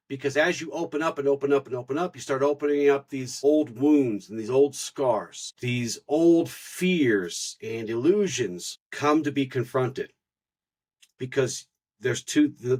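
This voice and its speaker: Husky-voiced man teaching spiritual stages. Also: mid-range voice, a little mellow. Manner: earnest, explanatory, repeats words while thinking. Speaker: podcast co-host.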